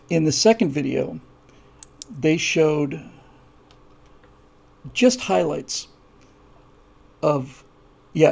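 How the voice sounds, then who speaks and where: The host of a live show tells his story in a fairly high, gravelly voice, full of fillers and restarts. He shifts between low, quiet asides and heated, repeated emphasis.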